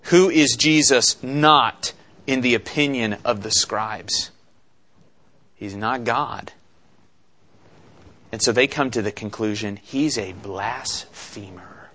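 A man preaching an expository sermon, slow and deliberate, with dramatic pauses and rhetorical questions. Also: medium pitch, sharp tone. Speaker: pastor.

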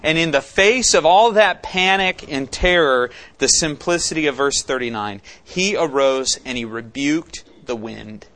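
A man delivering an expository sermon in a somewhat high voice. He teaches conversationally, putting questions to the congregation and acting out quoted lines with growing intensity. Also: unhurried, few pauses, a bit bright. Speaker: pastor.

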